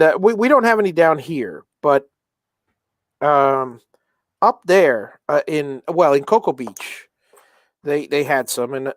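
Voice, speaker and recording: A man's voice: fairly high pitch, no room sound, studio quality. Rambling middle-aged man hosting a stream. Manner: rambling, self-interrupting storyteller. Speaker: livestream host. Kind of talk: casual chat while soldering.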